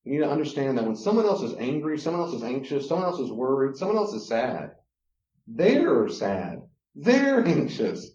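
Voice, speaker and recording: A man's voice: medium pitch, normal speed. A man teaching about relationships with lots of energy, dropping into acted voices as he goes. The sound is roomy and echoey and a little dull and lo-fi. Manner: animated, acts out quoted voices. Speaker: counselor giving a talk on relationships. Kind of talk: lecture-style teaching.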